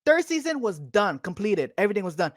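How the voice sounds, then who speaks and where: A woman's voice: mid-range voice, sing-song, brisk, no echo, clean studio sound. A young woman co-hosting a podcast, rambling casually with lots of fillers and swearing. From United States. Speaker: podcast co-host. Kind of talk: casual chat.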